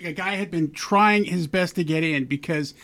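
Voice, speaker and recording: A man's voice: fairly high pitch, moderate pace, fairly bright tone. A man hosting a radio show, telling a story in easy chat. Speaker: radio host.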